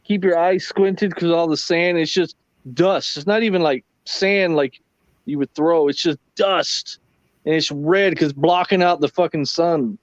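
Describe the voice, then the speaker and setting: A man's voice: fairly high pitch, unhurried, dry recording. A man on a casual late-night livestream, telling laid-back, profane stories about work and travel. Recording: dull, muffled sound.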